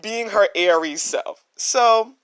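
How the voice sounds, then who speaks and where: A young woman with a naturally low voice, hosting a solo podcast, earnest and reflective, often repeating her phrases for emphasis. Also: slow, clean tone. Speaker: podcast host.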